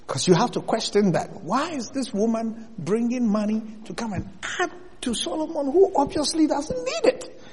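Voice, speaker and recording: A man preaching a sermon in an animated way, rising to loud bursts as he presses his points. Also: very high voice, moderate pace, husky. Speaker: pastor. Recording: long hall reverb.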